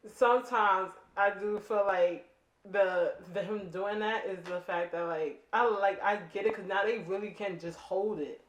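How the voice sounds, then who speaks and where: A woman in her thirties co-hosting a podcast, telling stories in slangy, animated casual chat with voiced quotes. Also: mid-range voice, unhurried, a little hiss or hum. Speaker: podcast co-host. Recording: echoey room.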